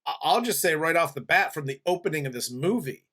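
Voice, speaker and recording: A man in his forties hosts a relaxed movie review chat, easygoing and often laughing. His voice sits a bit higher than most men's. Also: quick pace. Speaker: podcast host.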